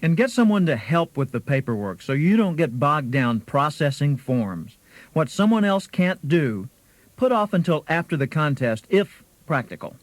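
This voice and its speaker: Male co-host, slightly high and lively voice, brisk scripted tips, dry sound. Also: dry recording, rough recording. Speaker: sales trainer co-host. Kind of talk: scripted sales advice.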